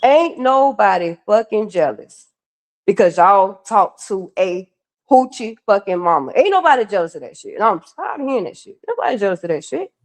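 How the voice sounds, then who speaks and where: A woman holds forth on a live stream in a blunt, profane rant. She keeps turning to her viewers as she vents. Her voice sits at an ordinary middle pitch. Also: big pitch swings, moderate pace. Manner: blunt, profane, ranting, addresses viewers as y'all. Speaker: livestream co-host. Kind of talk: heated casual live commentary.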